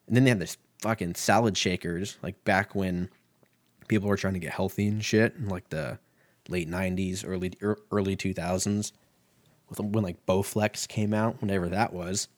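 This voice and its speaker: Speaking in a low voice with fairly even intonation and a moderate pace, a podcast host in his thirties delivers a solo, rambling casual monologue. He is crude, profane, and self-mocking, constantly wandering off on tangents, and the recording is dry.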